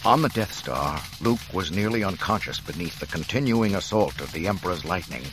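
A middle-aged man reads a dramatic audiobook in a low, deep voice. His delivery is expressive and animated, with wide swings in pitch, over a faint background noise. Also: normal speed, few pauses, rough recording. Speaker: audiobook narrator.

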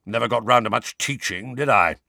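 A man's voice: a little fast, creaky, sharp tone, no room sound, studio quality. A man doing a growling, suspicious old wizard. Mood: gruff. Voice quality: low growling voice. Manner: barking, blunt warnings. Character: gruff grizzled old male wizard, suspicious and irritable.

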